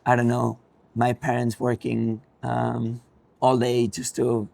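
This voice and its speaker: A man's voice: medium pitch, monotone, takes it slowly, gravelly, darkish tone, dry recording. Spanish-accented young man, thoughtful interview answers. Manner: thoughtful, many ums and restarts. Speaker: racing driver, interview guest.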